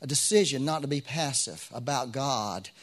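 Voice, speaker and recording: A man's voice: medium pitch, expressive, moderate pace. A middle-aged man preaching a sermon as pastor, in a conversational way with frequent restarts and rising bursts of emphasis.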